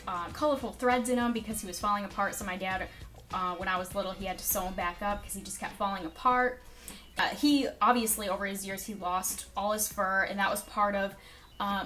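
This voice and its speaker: A young adult woman chats straight to the camera in a relaxed vlog. She rambles through her stories, leaning on "like" and "um" as she goes. Her voice sits at an ordinary middle pitch. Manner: rambling, filler-heavy storytelling with frequent "like" and "um". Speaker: vlogger. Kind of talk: casual chat to camera.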